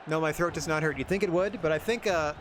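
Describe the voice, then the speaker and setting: A man streaming a game, chatting casually in a rambling, self-effacing, soft-spoken way. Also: a little high, quick pace, a little hiss or hum. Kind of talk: casual chat while playing.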